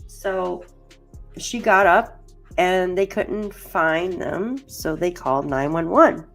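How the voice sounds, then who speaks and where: A woman with a somewhat low-pitched voice hosts a casual true crime livestream. She rambles in a chatty way, filling her sentences with "like" and greeting viewers by name as she goes through case documents. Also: takes it slowly, gravelly, faint music behind. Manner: chatty and rambling, heavy use of "like"; addresses chat viewers by name.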